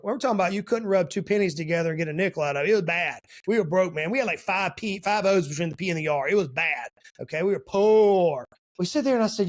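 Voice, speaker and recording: A man's voice: high voice, fast talker. A man in his forties from South Georgia with a Southern accent, a business guest telling folksy stories in a podcast interview. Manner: animated folksy storyteller.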